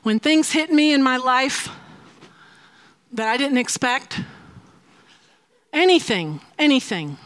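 A woman giving a sermon, talking in playful asides that mix with drawn-out, emphatic phrasing, and laughing often. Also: high-pitched, sing-song, a bit bright. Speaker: speaker teaching a faith message.

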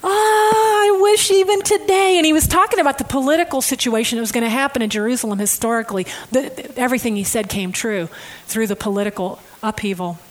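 A woman preaching a conversational sermon, emotive and personal, moving from hushed, near-whispered passages to loud, stirring ones. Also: fairly high pitch, fast talker, poor audio.

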